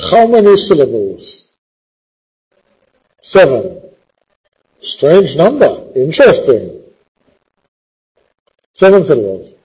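Husky teasing male teacher. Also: fairly high pitch, wildly swooping pitch, slow pace, long pauses, darkish tone, muffled recording. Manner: teasing, theatrical, impatient questioning. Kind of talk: classroom lecture on poetry.

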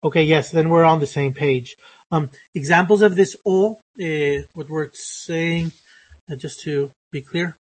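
A man's voice: fairly high pitch, a little slow. Hesitant male phonetics teacher. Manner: hesitant, many fillers and restarts. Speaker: pronunciation teacher. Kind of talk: live phonetics lesson.

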